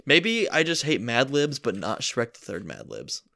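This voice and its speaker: Man, wry deadpan co-host, lively pitch, dry recording. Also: a little slow, creaky, no echo. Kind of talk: casual chat, playing word games.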